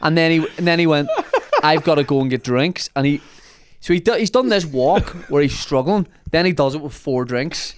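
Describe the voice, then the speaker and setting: A man hosting a comedy podcast, telling an animated anecdote in casual chat and laughing often. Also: a little high, a little fast, hardly any pauses, slight background noise.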